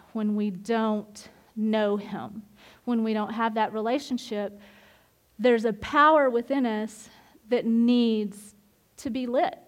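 A middle-aged woman leading a women's Bible study, talking candidly with lots of restarts. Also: fairly high pitch. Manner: animated and candid, with frequent laughs and restarts. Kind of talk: informal devotional teaching.

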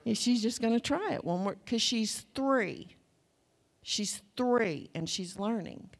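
A woman's voice: a little high, lively intonation, slow pace. An older woman with a Southern US accent giving a conversational Bible sermon, with folksy asides and family stories. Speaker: Bible teacher.

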